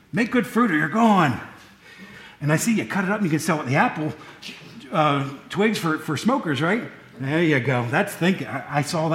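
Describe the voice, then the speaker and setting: Folksy high-voiced male preacher. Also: animated, moderate pace, a bit bright, reverberant. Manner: folksy, digressive, self-correcting. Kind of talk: conversational sermon.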